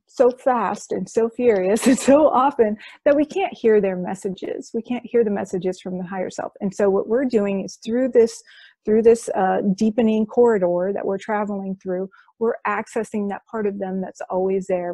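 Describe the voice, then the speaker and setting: Mellow-voiced woman explaining enthusiastically. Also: medium pitch, no echo. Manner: enthusiastic, explanatory, lists things in quick runs. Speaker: quantum healing hypnosis practitioner. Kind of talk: conversational interview.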